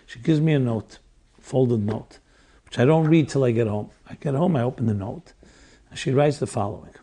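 A rabbi in his sixties who teaches classes gives a storytelling lecture about his own experience, at a moderate pace. He sounds mellow and slightly breathy, with a medium pitch, and his earnest reflections are marked by frequent sentence restarts.

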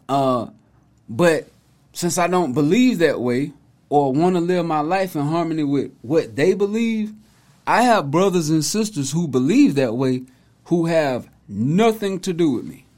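A man's voice: a little high, expressive, unhurried, a little mellow. A man hosting a casual commentary video, talking in an emphatic, preachy, conversational way. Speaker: host, commentator.

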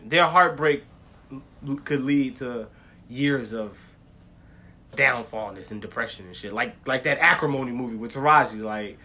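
Co-hosting a casual podcast, a man spins profane, lively stories and imitates the people in them. He speaks at normal speed with a medium-pitched voice, and a slight hiss or hum is audible.

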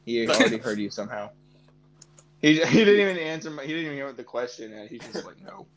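A man's voice: medium pitch, animated, fast talker, a crowd in the background, rough recording. A young man co-hosting a podcast in casual chat, laughing often and rambling. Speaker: podcast co-host.

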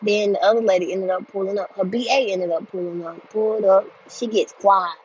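A woman in her twenties telling a story in a casual monologue, blunt and animated, swearing freely. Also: mid-range voice, brisk, slightly rough. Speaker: group home staff telling a story. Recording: dull lo-fi sound.

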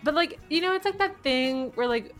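A woman's voice: high voice, expressive, moderate pace, fairly bright tone, soft background music. A young woman with a Southern US accent, chatting casually and rambling with lots of "like.". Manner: rambling, heavy use of "like". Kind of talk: casual chat.

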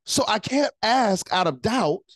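A pastor delivers a livestreamed sermon with a lively, wide-ranging pitch that climbs and drops on key words. The sound is dry and close. The preacher repeats phrases for emphasis and calls out to the chat. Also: unhurried, no room sound, poor audio.

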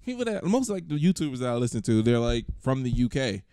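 A man's voice: medium pitch, fast, smooth, no room sound, studio quality. A young man from Georgia, co-hosting a podcast in casual, laughing chat. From Georgia, USA. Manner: animated, laughing, talks over his co-host. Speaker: podcast co-host.

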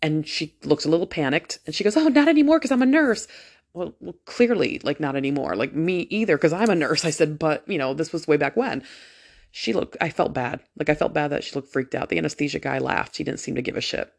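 A woman's voice: low-pitched, brisk, gravelly. Candid, foul-mouthed woman nurse telling a story. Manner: candid, profane, chatty. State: just out of anesthesia after a procedure. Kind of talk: casual storytelling to camera.

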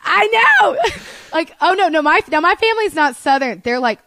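A woman's voice: high-pitched, sing-song, moderate pace, a bit bright, no room sound. A young woman, a podcast guest, chatting casually and telling rambling stories with laughter and swearing. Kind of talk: casual chat.

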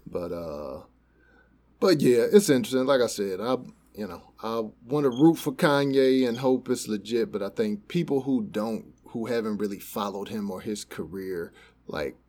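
A man co-hosting a casual chat, giving calm, considered opinions. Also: lowish voice, moderate pace. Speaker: podcast co-host. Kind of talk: casual discussion.

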